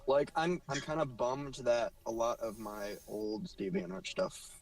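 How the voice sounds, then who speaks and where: A man's voice: mid-range voice, animated, gravelly, no room sound. Chatty guy cracking jokes on a podcast, mic a bit far off. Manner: chatty, joking, quick asides. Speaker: podcast co-host. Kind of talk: casual chat.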